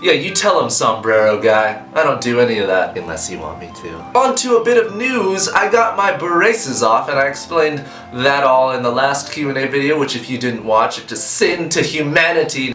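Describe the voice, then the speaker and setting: A man's voice: mid-range voice, fairly bright tone, reverberant. A young man hosting a casual comedic vlog, answering fan questions with goofy, sarcastic jokes.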